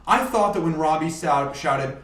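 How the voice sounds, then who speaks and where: A young man co-hosting a laid-back podcast, telling his stories in a rambling way, full of "um"s and restarts. His voice sits a little high for a man. The room around him rings with echo. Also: expressive, normal speed, a bit bright. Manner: rambling storytelling with fillers and restarts. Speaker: podcast co-host. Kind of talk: casual chat. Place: room shared by a group of friends. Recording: echoey room.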